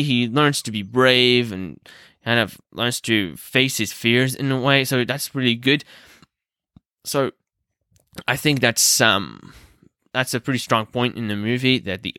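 Man, young adult, movie review host, casual hesitant talk, lots of ums, bright tone, dry close sound. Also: medium pitch, clean tone, dry recording. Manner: hesitant, many fillers and self-corrections. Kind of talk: casual spoken film review.

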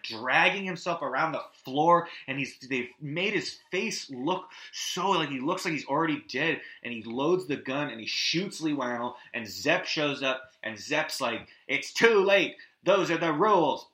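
A man hosting a podcast, retelling a movie in a casual, animated way, swearing and acting out the scenes. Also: fairly high pitch, measured pace, hardly any pauses, reverberant, rough recording. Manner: animated, swearing, acts out scenes with yelps and hummed music. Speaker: podcast host.

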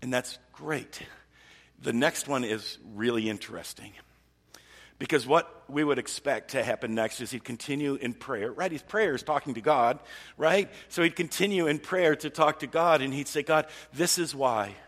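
A man's voice: medium pitch, moderate pace, fairly bright tone. A man preaching a sermon as pastor, earnest, with frequent restarts, acting out prayers with rising energy. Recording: long hall reverb.

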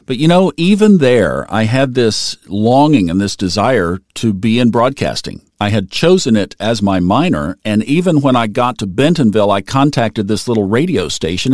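A man's voice: medium pitch, a little mellow, no room sound, studio quality. A middle-aged man telling a personal story in an earnest, conversational way, growing emotional at moments. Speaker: storyteller recalling his career.

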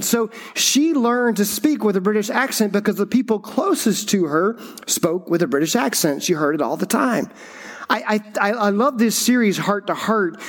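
A middle-aged man, a campus pastor, giving a conversational sermon full of stories and fillers. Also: sits high. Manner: conversational, anecdotal storytelling with frequent fillers.

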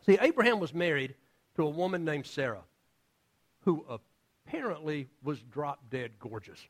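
A male pastor preaching a sermon in a casual, storytelling way, acting out the characters in his stories. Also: on the high side. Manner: casual, storytelling with acted-out voices.

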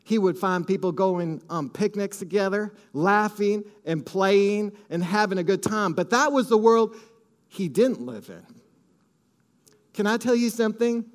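A man's voice: sits high, unhurried. A man preaching a sermon with strong emphasis, leading the congregation to repeat phrases after him. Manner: emphatic, leads congregation in call-and-response.

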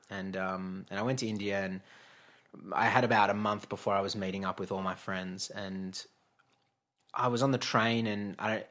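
Male guest, 30s, lowish voice, chatty storyteller with lots of ums and restarts. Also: fairly bright tone. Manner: chatty, laughing, frequent fillers and restarts. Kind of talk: casual storytelling interview.

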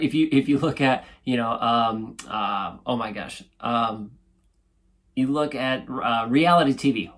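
Male podcast host, mid pitch, easygoing explainer, casual self-help chat. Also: fairly bright tone. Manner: conversational, frequent "right?" tag questions; thoughtful, explaining step by step.

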